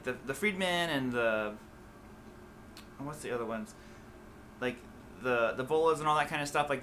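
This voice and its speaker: A man's voice: mid-range voice, pushed and bright, a little hiss or hum. An American man with a mixed Midwest and Southern accent, chatting casually and loosely on a live stream as a guitar teacher, full of fillers and restarts. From USA. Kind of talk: casual livestream chat.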